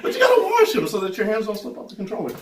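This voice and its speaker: A man's voice: sits high, wildly swooping pitch, very fast, over a noisy crowd. A man hosting a casual pop culture chat, joking and rambling with lots of ums, recorded from a distance in an echoey room. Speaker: show host.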